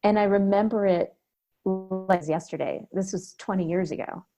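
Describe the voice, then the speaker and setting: A woman's voice: medium pitch, moderate pace, dark tone, faint music behind. A woman in her fifties, a podcast guest, telling a personal story reflectively, acting out the lines of the people in it. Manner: reflective, vivid storytelling with quoted dialogue.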